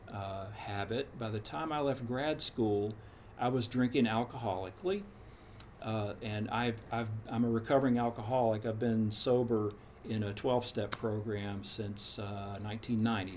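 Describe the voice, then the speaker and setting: A man's voice: on the low side, darkish tone, slight background noise. A man in his sixties telling a frank personal story in a casual, meandering, reflective way. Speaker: storyteller recounting his path to meditation.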